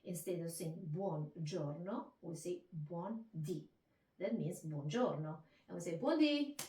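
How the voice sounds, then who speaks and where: A woman who speaks Italian as her first language and has an Italian accent, teaching in an interview in expressive, halting English with many restarts. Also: fairly low pitch. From Italy. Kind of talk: conversational interview. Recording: roomy, distant mic.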